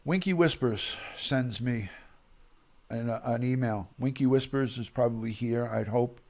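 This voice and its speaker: Gravelly man reading messages slowly. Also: medium pitch, darkish tone. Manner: slow, emotional, halting with restarts. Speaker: live stream host. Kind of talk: reading viewer emails aloud.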